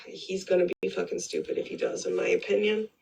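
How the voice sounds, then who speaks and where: A woman's voice: lowish voice, wildly swooping pitch, brisk, gravelly, a little mellow, breathy edge, poor audio. A woman giving blunt, rambling commentary on a live stream, swearing freely and repeating herself. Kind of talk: casual opinionated commentary.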